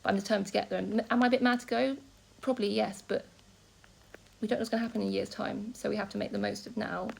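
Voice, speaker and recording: A woman talks straight to her phone camera from a hospital room, rambling candidly from one thought to the next. Her voice is heavily gravelly, full of vocal fry, and she speaks quickly. Faint room ambience sits behind her. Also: mid-range voice, steady tone, darkish tone, a little hiss or hum, poor audio. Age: 30s. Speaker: vlogger. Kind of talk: casual vlog monologue.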